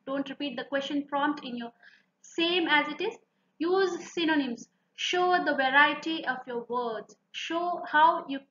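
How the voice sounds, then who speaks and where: Bright high-voiced woman tutor, echoey room. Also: a little hiss or hum. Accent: Indian English. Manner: earnest, repeats advice for emphasis. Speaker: IELTS speaking tutor. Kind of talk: instructional video lesson. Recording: echoey room, slightly dull sound.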